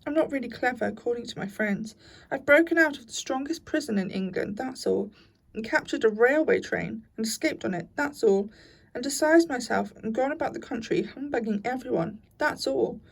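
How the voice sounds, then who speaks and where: A woman reading aloud puts on a vain, swaggering storybook toad, pitched a touch high with a gravelly edge. He struts through his words, all self-important bluster. The voice sits a little back from the microphone. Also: moderate pace, recorded from a distance. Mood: boastful. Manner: swaggering, puffed-up bragging. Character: boastful conceited male toad.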